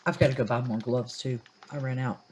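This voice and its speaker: A woman's voice: extremely low pitch, steady tone, brisk, darkish tone, slight background noise. A woman co-hosting a casual show, chiming in with quips and laughing often. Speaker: co-host. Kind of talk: casual chat.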